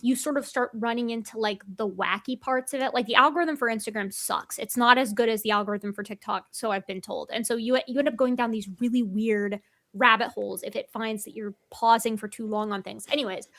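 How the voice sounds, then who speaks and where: A woman co-hosting a casual livestream chat, animated and joking with quick asides. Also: fairly high pitch. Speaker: co-host guest.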